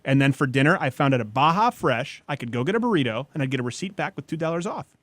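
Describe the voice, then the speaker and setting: Young male host, animated and jokey, slightly high voice, dry sound. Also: quick pace, no echo. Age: young adult. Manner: animated, joking, mock-formal sign-off. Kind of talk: casual chat.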